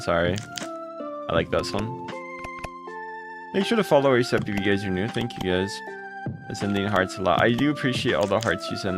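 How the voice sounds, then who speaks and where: A young man streaming live, greeting his chat and thanking viewers for gifts, with his voice jumping high when he gets excited. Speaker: livestreamer. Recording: music playing behind.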